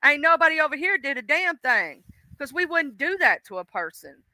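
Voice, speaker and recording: High, very bright, blunt ranting streamer. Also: very animated, moderate pace, no room sound. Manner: blunt, profane, indignant; talks straight to the audience. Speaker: livestream host. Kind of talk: casual livestream rant.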